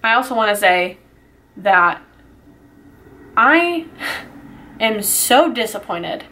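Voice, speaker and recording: A woman's voice: mid-range voice, bright, forceful tone, slight background noise. A woman talking to her small channel in an emotional vlog, upset and swearing, rambling with sighs and restarts. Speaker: YouTuber.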